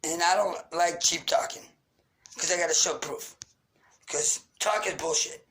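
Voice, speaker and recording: A man's voice: a little high, measured pace, fairly bright tone, a little hiss or hum, low-quality recording. A man rants into the camera, angry and accusatory. He fires off grievances and insults in a raw, unscripted monologue. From Queens, New York. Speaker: vlogger. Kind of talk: ranting monologue.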